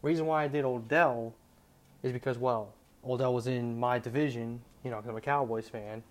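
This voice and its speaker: Stammering, excited young man talking football. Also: medium pitch, moderate pace. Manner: stammering, excited, keeps restarting. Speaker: sports podcast host. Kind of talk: excited solo sports talk.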